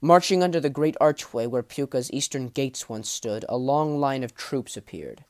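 A man narrating a fantasy audiobook in a measured, dramatic way, dropping low at the ends of phrases. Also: lively intonation. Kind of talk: storybook narration.

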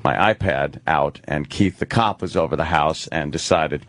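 A man's voice: very deep voice, moderate pace, a bit bright. A man nearing fifty, a podcast host chatting casually, rambling and self-deprecating with lots of swearing. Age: 40s.

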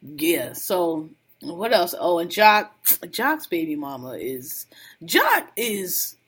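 A woman's voice: on the low side, sing-song, slow pace, a bit bright, husky. A woman co-hosting a casual podcast, gossiping bluntly about reality TV with lots of slang and laughter. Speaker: podcast co-host.

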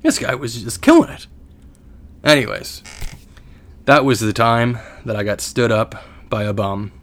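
A man's voice: mid-range voice, unhurried, fairly bright tone. A young Canadian man co-hosting a podcast, telling a long story in a rambling, self-deprecating way with many restarts. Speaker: podcast co-host. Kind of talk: casual storytelling.

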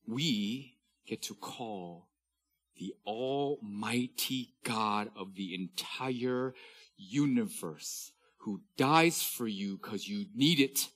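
A man in his thirties, a pastor preaching a sermon, reading scripture slowly and with emphasis. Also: lowish voice, fairly bright tone, husky.

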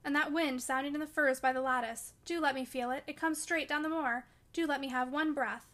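A woman's voice: high voice, steady tone, fairly quick, a bit bright. A woman reading aloud as a feverish, delirious young woman, dreamy and frightened. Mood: pleading. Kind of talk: audiobook reading.

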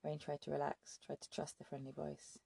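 Close-miked and completely dry, this audiobook narration comes from a woman whose low voice is dark, husky, and gravelly. She reads her script evenly and deliberately, keeping her pitch flat throughout.

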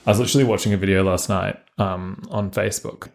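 A man co-hosts a casual podcast. His voice is fairly low for a man. He rambles through anecdotes, stopping often on "um" and "like". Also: steady tone, fast talker, creaky. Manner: rambling retelling with many "um" and "like" fillers. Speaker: podcast co-host. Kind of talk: casual chat, storytelling.

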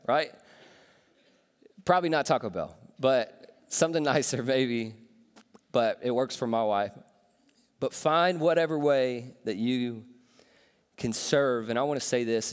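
A man's voice: mid-range voice, unhurried, long pauses. A man in his thirties, a pastor preaching a sermon in a casual, joking, conversational way with some slang. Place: church auditorium. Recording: reverberant hall.

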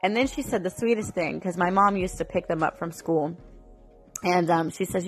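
Speaking to her audience as a mom vlogger, this thirtysomething woman recounts a touching family memory in a rambling, emotional way, often restarting and using fillers. Her voice is slightly low and a little rough, her speed normal, with gentle music playing quietly underneath.

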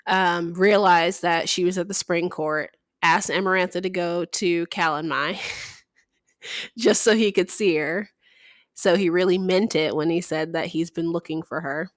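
A woman co-hosting a book podcast retells a plot in loose, casual chat. Her voice sits a little low and is recorded dry and close. She drops in animated acted-out lines as she goes. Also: a little slow, no room sound. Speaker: podcast co-host.

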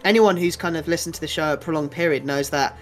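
A man's voice: a little high, fast talker, soft background music. A young British man co-hosting a podcast, rambling casually, swearing and laughing as he talks. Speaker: podcast co-host. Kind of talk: casual chat.

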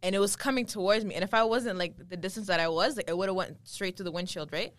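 Fast-talking young woman, dry sound. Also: medium pitch. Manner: rapid, profane storytelling. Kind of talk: casual group chat.

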